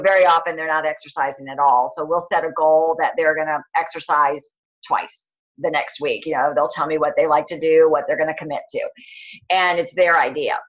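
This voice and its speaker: A health coach leads a training call, explaining coaching questions in casual, rambling teaching talk full of fillers and restarts. Her voice is low-pitched with a fairly bright tone, captured in lo-fi sound.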